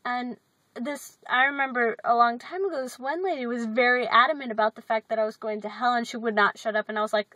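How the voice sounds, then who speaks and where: A woman's voice: on the high side, fairly even intonation, fast talker, sharp tone, no room sound, low-quality recording. A woman vlogging from her parked car into her phone, chatting in a rambling, sarcastic way. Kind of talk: casual chat.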